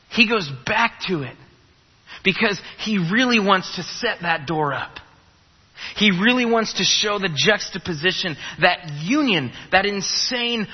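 A man's voice: sits high, lively intonation, unhurried, husky. A man preaching a sermon, emphatic, repeating key phrases and asking rhetorical questions. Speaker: pastor. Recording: reverberant hall, dull lo-fi sound.

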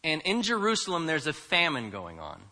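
Bright-voiced man preaching in a reverberant church. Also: a little high, wildly swooping pitch, normal speed. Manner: conversational, emphatic preaching with rhetorical questions. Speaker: pastor. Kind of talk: sermon.

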